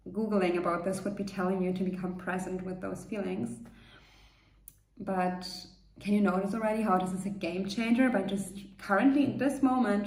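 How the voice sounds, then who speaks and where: A woman coach leading a guided meditation, speaking gently and reassuringly in a loose, unscripted way with frequent fillers. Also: medium pitch. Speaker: manifestation coach. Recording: roomy echo.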